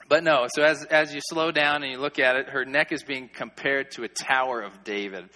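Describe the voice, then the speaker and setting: Joking, animated preacher with a bright voice. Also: male voice, medium pitch, in a large hall. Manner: animated, joking, conversational with filler "like". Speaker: pastor or youth preacher. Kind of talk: sermon, expository Bible teaching.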